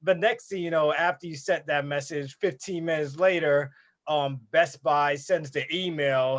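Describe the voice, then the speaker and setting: A man co-hosting a gaming podcast, telling a story in an animated, casual way with plenty of swearing. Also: fairly high pitch, normal speed. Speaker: podcast co-host. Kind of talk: casual chat. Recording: dull lo-fi audio.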